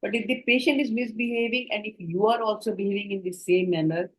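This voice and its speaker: A woman's voice: medium pitch, steady tone, quick pace, low-quality recording. A woman with an Indian English accent giving an online training lecture to doctors, explaining points earnestly and speaking directly to her trainees over a video call.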